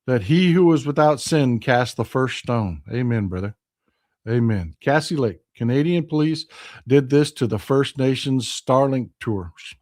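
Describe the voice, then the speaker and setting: Reading viewers' comments during his casual political stream, the passionate Texan host alternates between booming outrage and soft, hushed responses. He speaks a little slowly, with a medium pitch and an animated delivery.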